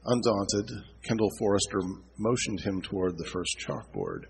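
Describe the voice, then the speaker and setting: A man's voice: low voice, big pitch swings, normal speed, gravelly, a little mellow, slight background noise, rough recording. A man reading aloud from his own novel at a convention, with small slips and restarts. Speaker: author reading his book.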